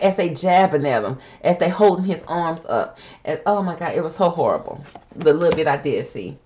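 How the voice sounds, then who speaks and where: A woman's voice: lowish voice, darkish tone. Emphatic woman reading tarot, lo-fi. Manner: emphatic, repeats "okay?", calls listener "baby"; grows heated and indignant. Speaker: tarot reader host. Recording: dull lo-fi with faint hiss.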